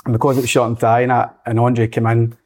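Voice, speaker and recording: A middle-aged Scottish man, a former footballer, telling lively dressing-room stories in casual chat. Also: mid-range voice, fast. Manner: lively storyteller, acts out quotes.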